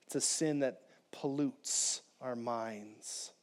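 A man preaching a conversational, animated sermon as a pastor, speaking directly to his congregation. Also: mid-range voice, slow.

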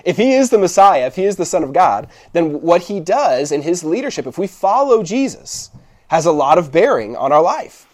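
A young man preaching a sermon in a relaxed, conversational way. His voice sits a little higher than most men's and rises and falls a great deal, and he keeps checking in with his listeners as he explains. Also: normal speed. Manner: casual and animated, checks in with the audience often. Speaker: pastor.

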